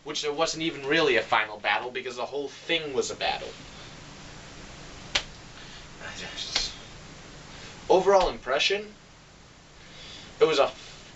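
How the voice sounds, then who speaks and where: A man's voice: fairly bright tone, far from the mic, lo-fi sound, slight background noise. Sarcastic, exasperated man reviewing a film. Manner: exasperated, sarcastic, acts out quotes with big pitch jumps. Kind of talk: casual movie review rant.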